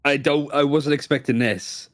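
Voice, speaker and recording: A man with a Yorkshire accent giving fast, chatty play-by-play commentary on an esports match. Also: fairly high pitch, no echo. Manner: quick, animated, chatty with a co-caster. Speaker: esports caster.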